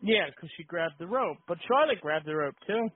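A man's voice: high voice, animated, moderate pace, no echo. A man hosting a wrestling call-in podcast, chatting casually and joking with his co-host and callers. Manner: jokey, upbeat banter. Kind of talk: casual call-in show chat. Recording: tinny phone-like sound.

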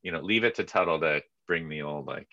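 A middle-aged man co-hosting a sports podcast in casual, chatty talk, full of asides and quick mock voices. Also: no echo. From California. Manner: chatty, animated, jumps into squeaky mock voices. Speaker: podcast co-host. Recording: dull lo-fi mic sound.

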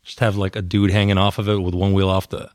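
A man's voice: sits low, little pitch movement, fast talker, darkish tone, no echo, studio quality. A man co-hosting a podcast, bantering and laughing easily in casual chat. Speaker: podcast co-host.

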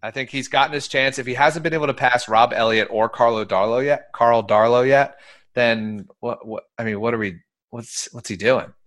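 A man's voice: medium pitch, normal speed, fairly bright tone. A man hosting a casual sports podcast, talking in a loose, opinionated way with fillers. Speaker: podcast host.

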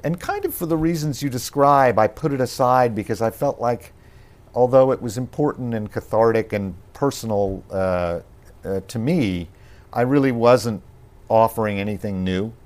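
A man being interviewed on a podcast, talking in a thoughtful, measured way with frequent pauses and restarts. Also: mid-range voice, darkish tone.

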